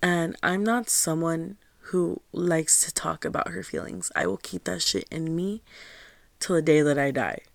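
A young woman hosting her own show, telling a personal story in a candid, confiding way, with a steady stream of "like". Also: sits low, a little slow, gravelly, dry recording. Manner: candid and confiding, heavy use of "like". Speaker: podcast host.

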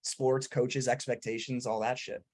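A young man with a mid-pitched, slightly raspy voice co-hosts a podcast. He talks casually and loosely, filling his speech with "like" and joking with his old teammates. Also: unhurried. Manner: fillers of "like", lively, joking. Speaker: podcast co-host, former college team captain. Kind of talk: casual conversational chat.

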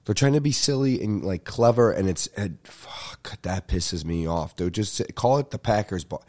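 A young man, telling a comic story as a podcast host in an animated, profane rant. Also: lowish voice, moderate pace. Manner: animated ranting with frequent profanity. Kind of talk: ranting comedic storytelling.

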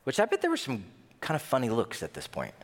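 A man preaching a sermon in a lively, animated way, sometimes acting out the voices of people he quotes. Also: medium pitch, quick pace. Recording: long hall reverb.

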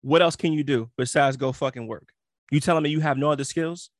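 A man's voice: on the high side, a little fast, no echo, studio quality. A man co-hosting a podcast in casual chat, blunt and profane, lecturing his listeners. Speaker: podcast co-host.

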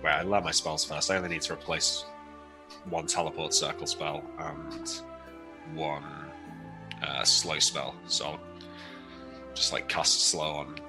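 A man playing a tabletop role-playing game, speaking hesitantly with many pauses. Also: extremely low pitch, little pitch movement, vocal fry, music in the background. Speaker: player. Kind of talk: casual tabletop play.

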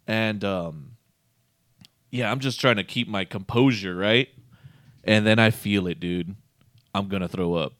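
A man's voice: fairly low pitch, unhurried, pauses often, no room sound, clean studio sound. A man casually telling a rambling, profane story, often breaking into laughter. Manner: profane, laughing, animated retelling.

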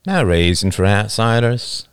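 A man's voice: lowish voice, very animated, measured pace, clear, resonant tone, dry recording, clean studio sound, pitched above the performer's own voice. A man voicing a menacing younger teenage boy with a slight lisp who sounds easy-going but threatening.

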